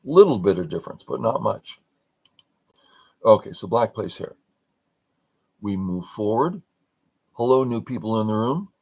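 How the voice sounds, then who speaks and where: An older man teaching a board game review over a livestream, speaking at a slow, unhurried pace in short broken phrases. His voice sits fairly low, and he keeps asking himself questions and then answering them. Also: animated, creaky, a little mellow, breathy edge, poor audio.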